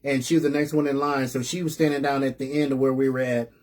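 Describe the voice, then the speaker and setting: A man's voice: mid-range voice, little pitch movement, fast talker, darkish tone. A man hosting a live online show, telling a story to his audience in a casual, earnest way, often repeating and restarting words. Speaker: host of a live reseller news show.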